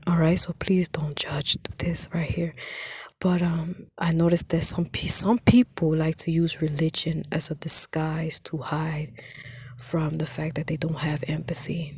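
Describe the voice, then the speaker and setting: A woman's voice: low-pitched, breathy edge, dry recording. A woman vlogger sharing her faith testimony in an earnest, casual way, often saying "you know" and dropping into whispers.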